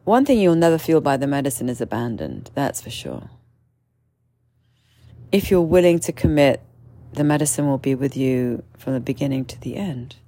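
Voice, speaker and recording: A woman's voice: very animated, moderate pace, warm tone. A woman telling a personal story in a candid, meandering way, full of fillers and restarts. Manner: mimics others with sudden shrill outbursts. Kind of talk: casual storytelling monologue.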